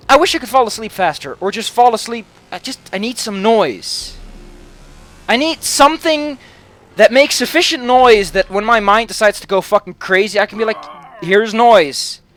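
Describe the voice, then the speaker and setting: A man's voice: high-pitched, a bit bright. A man giving casual let's play commentary in an anxious, rambling way, swearing heavily. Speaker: gaming commentator.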